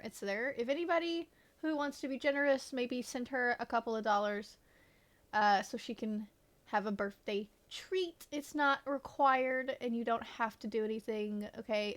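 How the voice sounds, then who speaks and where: A woman game streamer in casual live-stream chat, greeting viewers and swearing offhandedly. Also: a little high.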